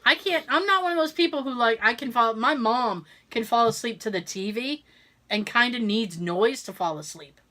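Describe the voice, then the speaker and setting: This podcast co-host has a voice on the high side and talks at an ordinary pace. Chatting casually, she spins stories with lots of energy and frequent laughter.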